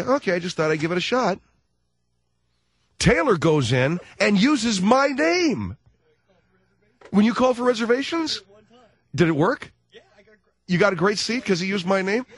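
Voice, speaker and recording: Brash, lively male talk-radio host. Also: sits high, dry recording. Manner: brash, jokey, animated storyteller who acts out voices. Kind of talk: casual talk radio monologue.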